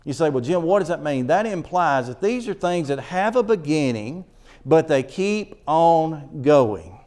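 A middle-aged man with a somewhat high voice preaches in a church. He reads scripture slowly, then drives his points home with earnest, emphatic delivery. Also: lively intonation, darkish tone. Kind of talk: sermon.

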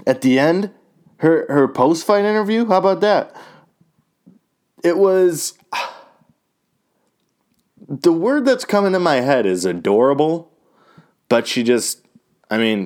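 A man's voice: mid-range voice, a little mellow. A man giving a loose, rambling and profane recap of fight results, full of fillers and restarts. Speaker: fight fan recapping a card. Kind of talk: casual talk.

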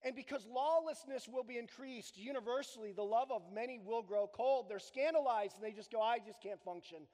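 A man preaching a sermon as pastor in a church, earnest and emphatic, speeding up and slowing down. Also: very high voice, dark tone. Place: church sanctuary. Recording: long hall reverb.

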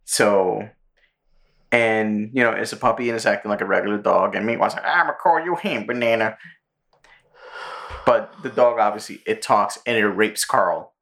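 Guy on a podcast rambling through a cartoon episode, swearing, tossing in silly voices. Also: moderate pace. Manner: animated retelling, jumps into squeaky character voices. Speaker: podcast host. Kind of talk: casual chat.

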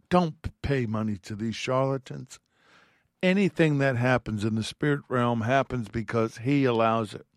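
A man's voice: mid-range voice, no room sound. Earnest man teaching the Bible, dry sound. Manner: earnest, heartfelt, reads scripture aloud.

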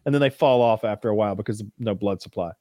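A man's voice: on the low side, very fast, warm tone, dry recording, clean studio sound. A man chatting casually as a co-host, rambling with many restarts and frequent swearing. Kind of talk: casual chat.

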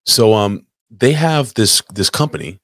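Deep-voiced man telling a rambling story. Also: expressive, unhurried, no room sound, clean studio sound. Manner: rambling storyteller, swears a lot. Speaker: podcast host. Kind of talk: casual crude chat. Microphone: desk mic, live stream.

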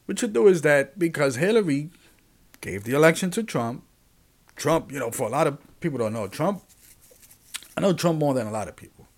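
Rambling, animated male podcast host. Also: a little high. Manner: rambling and animated, with frequent restarts and asides to listeners. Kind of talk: casual monologue podcast.

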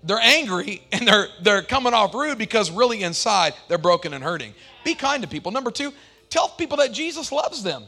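A middle-aged man preaching with a high, bright, ringing voice. He shouts his refrains in a sing-song rhythm, then drops into easygoing storytelling and acts out the quotes. Faint music plays behind him. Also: moderate pace, slightly rough. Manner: relaxed storytelling with acted-out quotes. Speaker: pastor. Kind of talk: sermon.

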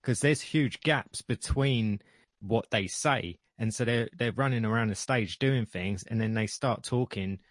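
A man, chatting in a relaxed way on a podcast, often saying "like". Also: on the low side, a little slow, no echo, clean studio sound. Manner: relaxed, chatty, uses "like" a lot. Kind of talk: casual chat.

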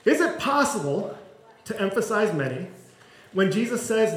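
A man with a high voice preaches a sermon, chatty and self-deprecating, joking as he goes. The sound is echoey, as if from a church sanctuary. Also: sing-song, a little fast, a bit bright. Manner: conversational and self-deprecating, with humor. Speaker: pastor.

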